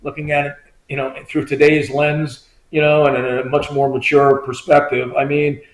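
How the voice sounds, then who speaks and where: A man with a somewhat high voice tells a long story as a guest, animated and chatty, slipping into the voices of the people he quotes. The room gives his voice a noticeable echo. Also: normal speed. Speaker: guest, former state trooper. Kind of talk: casual storytelling interview.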